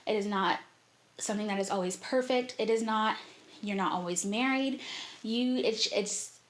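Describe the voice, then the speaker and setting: A woman's voice: medium pitch, normal speed. A young woman vlogger telling a personal story in a candid, heartfelt way, with many fillers.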